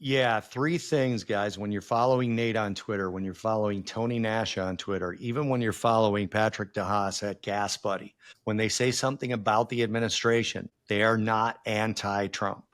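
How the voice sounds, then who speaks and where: A man's voice: fairly low pitch, fairly even intonation, normal speed, hardly any pauses, a bit bright. A man co-hosting a podcast, blunt and emphatic in casual chat. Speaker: podcast co-host.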